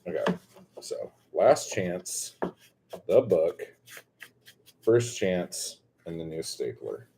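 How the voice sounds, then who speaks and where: A man unboxing a new stapler in a casual vlog, excitable and gushing, often breaking into exclamations. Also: deep voice, drawn-out words, gravelly, long pauses, background noise. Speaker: poet and chapbook maker.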